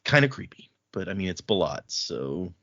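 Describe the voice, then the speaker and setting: A man's voice: low voice, sing-song, moderate pace, a bit bright, no room sound. A man hosting a casual book discussion podcast, retelling scenes and acting out the characters' lines. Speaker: podcast host. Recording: dull, muffled audio.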